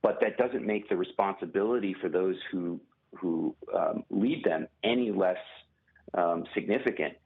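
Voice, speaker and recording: A man, a journalist and author, speaking as a guest in a phone interview, measured and halting, with many pauses and restarts. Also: low voice. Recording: tinny phone line.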